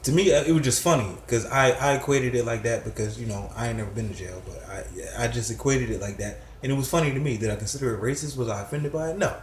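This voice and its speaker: A man's voice: mid-range voice, fast, hardly any pauses, reverberant, slight background noise. A middle-aged man giving a heated, profane commentary rant that rises into disbelieving outbursts. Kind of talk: ranting commentary.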